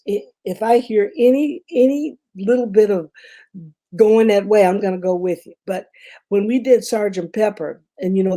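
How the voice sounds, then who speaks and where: A woman's voice: mid-range voice, warm tone. An older woman with a Memphis Southern accent, a guest telling rambling stories in casual conversation. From Memphis, Tennessee. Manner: chatty storyteller, many fillers and asides. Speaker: guest, performer.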